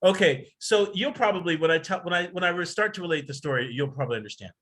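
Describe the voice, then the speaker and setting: A man leads an astrology workshop over a video call in a loose, lecturing style. His voice sits high and sounds bright and sharp. He rambles and digresses, restarts often, and drops the odd swear word. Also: fast. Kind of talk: casual lecture.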